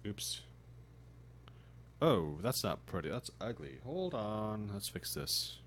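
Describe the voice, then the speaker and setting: A tired, groggy man chatting casually on his live stream, rambling with halting restarts. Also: lowish voice, very animated, slight background noise. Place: home streaming setup.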